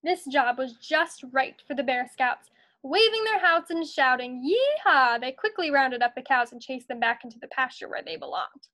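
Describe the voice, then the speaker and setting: High-voiced woman teacher reading aloud. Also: moderate pace, pushed and bright. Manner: encouraging, storytelling. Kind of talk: reading a picture book aloud to students.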